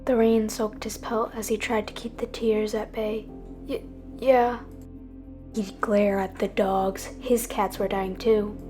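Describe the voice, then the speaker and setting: A woman's voice: mid-range voice, level tone, unhurried, few pauses, over music. A woman narrating a dramatic animal story over game footage, voicing every character herself.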